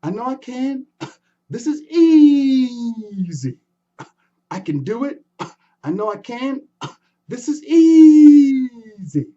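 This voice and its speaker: A boastful male spider trickster from a folktale drags out his words in a slow, effortful chant, as a storyteller puts him on. The voice is husky and mellow, and it comes through a dull, lo-fi recording. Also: very high voice, expressive, pitched above the performer's own voice. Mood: straining chant. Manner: slow drawn-out chanting, strained.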